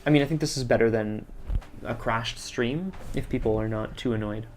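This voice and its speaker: A man playing in a tabletop game, chatting casually in an animated, jokey way. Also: mid-range voice, slight background noise. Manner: animated, jokey, quick to laugh. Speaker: player.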